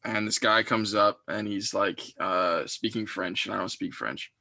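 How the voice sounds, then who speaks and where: Bright-voiced joking young man. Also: on the low side, steady tone, measured pace, vocal fry, no echo. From Canada. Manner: joking, playful banter. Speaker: podcast co-host. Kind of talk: casual podcast chat.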